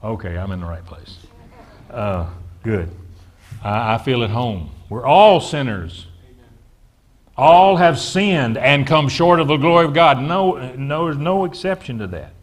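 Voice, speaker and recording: A man's voice: mid-range voice, expressive, measured pace. A man preaching a sermon to his congregation, calling on them to answer back and often repeating words as he builds his points. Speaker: pastor. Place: church sanctuary.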